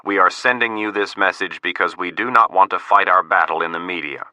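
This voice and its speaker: A man's voice: low-pitched, sharp tone, no echo. Man reading a cold assassin's threatening voicemail. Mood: menacing. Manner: measured, threatening.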